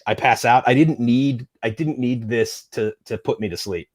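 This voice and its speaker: A man chats casually on a film podcast, blunt and quick to swear. He often stammers and restarts his sentences, in an ordinary mid-range voice. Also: mid-range voice, breathy edge. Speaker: co-host, writer.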